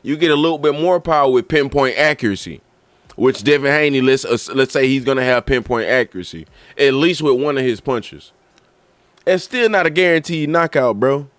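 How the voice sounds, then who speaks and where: A man hosting a stream, talking casually in loud, slangy, animated trash talk. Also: mid-range voice, a little fast, dry recording. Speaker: streamer host reacting to a video. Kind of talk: casual chat.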